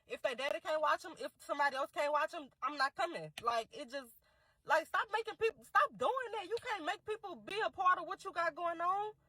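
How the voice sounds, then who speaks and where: A young woman rants bluntly and with exasperation. Her voice sits high and sounds bright and sharp. The recording is dry and close. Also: a little fast, no room sound, low-quality recording. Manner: blunt, exasperated, heavy slang. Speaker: commentator. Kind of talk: casual reaction commentary.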